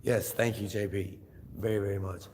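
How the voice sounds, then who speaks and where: Against the roomy reverb and crowd chatter of a large opera house hall where a crowd is gathering, a livestream host jokes and chats loosely, full of fillers and laughs. His voice is fairly low and a little mellow, with fairly even intonation and normal speed. There's slight background noise.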